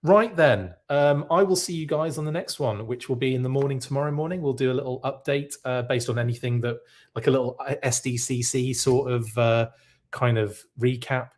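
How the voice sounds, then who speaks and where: A man's voice: medium pitch, normal speed, a little mellow. A man hosting a live podcast who reacts to news in a casual, rambling way and keeps correcting himself. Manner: rambling, self-correcting, chatty. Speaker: podcast host.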